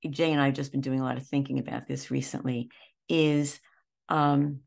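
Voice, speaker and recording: Older female therapist, strong vocal fry, chatty storyteller in an interview. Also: a bass voice, moderate pace. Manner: warm, animated anecdotes with many restarts. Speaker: therapist and teacher, interview guest. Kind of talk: conversational storytelling.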